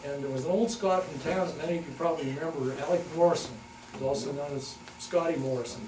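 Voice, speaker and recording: An older man giving a folksy talk to a local historical society, halting often with fillers as he reminisces. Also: on the high side, darkish tone. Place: hall at a historical society meeting. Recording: echoey room, distant mic, noisy.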